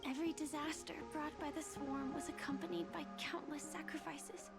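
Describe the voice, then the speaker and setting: A woman's voice: high-pitched, fairly even intonation, moderate pace, creaky, loud music behind the voice. An actress voicing an earnest young woman companion in a video game, in a reflective tone.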